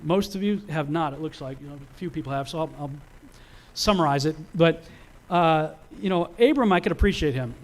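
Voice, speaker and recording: A man teaching about the Bible in a casual, conversational way. His voice sits a little high for a man. He often restarts and fills pauses as he talks. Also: animated. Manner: conversational, many fillers and restarts.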